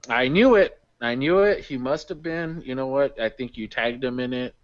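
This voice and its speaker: A man's voice: medium pitch, moderate pace, no echo. Guy recapping wrestling, laughs a lot, kinda muffled mic, dry room. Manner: excitable, laughs often, recaps events. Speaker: podcast co-host. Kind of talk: casual wrestling chat. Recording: dull dry home mic.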